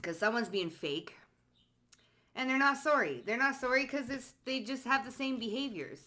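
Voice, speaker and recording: A woman's voice: animated, normal speed, very noisy. A woman giving a casual pick-a-card tarot reading, talking in blunt, profane slang and jumping into short acted-out quotes. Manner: jumps into acted-out quotes in a higher voice. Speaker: psychic tarot reader.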